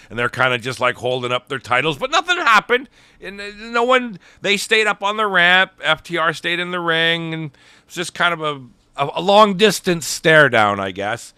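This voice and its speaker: Middle-aged guy gushing about a wrestling show, bright clear voice, dry close mic. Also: mid-range voice, dry recording. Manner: enthusiastic, retells promos in quoted voices. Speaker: podcast co-host. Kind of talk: casual wrestling review chat.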